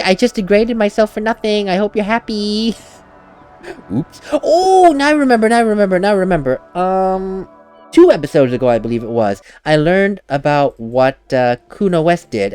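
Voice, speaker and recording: A man's voice: sits high, sing-song, measured pace, darkish tone, clear, resonant tone, soft background music. A man giving casual gameplay commentary as a let's play host, chatty and laughing at himself, at a desk mic at home.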